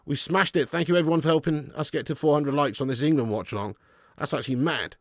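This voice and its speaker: A man hosting a live football watch-along, chatting and commentating in an excitable, sweary way. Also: on the high side, quick pace, dry recording, clean studio sound. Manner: excitable, sweary and laughing, bursts out at match moments.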